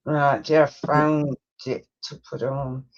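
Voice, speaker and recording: A woman's voice: low voice, level tone, takes it slowly. A woman in casual conversation who mutters blunt remarks and mild curses to herself. Her voice sounds dull and muffled, as if picked up from a little way off the mic. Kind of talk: casual chat.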